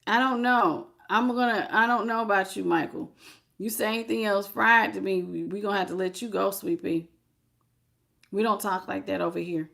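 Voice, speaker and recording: A woman giving a live tarot reading in a casual, animated, slangy way, laughing often and greeting her viewers. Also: medium pitch, moderate pace, gravelly. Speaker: tarot reader.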